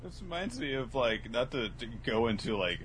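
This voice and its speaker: Animated man co-hosting a chatty podcast. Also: medium pitch, moderate pace, slight background noise. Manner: animated, swears, acts out lines in exaggerated voices. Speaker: podcast co-host. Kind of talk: casual comedic chat.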